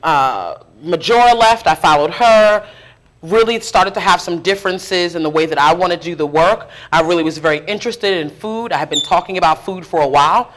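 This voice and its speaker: A middle-aged woman who organizes around food justice tells her story in a live interview, talking candidly, with lively asides and laughter at herself. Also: on the low side, a little fast. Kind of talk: conversational storytelling in a public interview. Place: live interview event before an audience.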